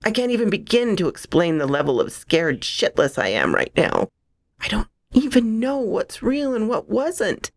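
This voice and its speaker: A woman's voice: mid-range voice, huge pitch swings, moderate pace, dry recording, pitched above the performer's own voice. A woman voicing a terrified young woman who urgently demands answers. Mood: urgent, scared. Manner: urgent and insistent.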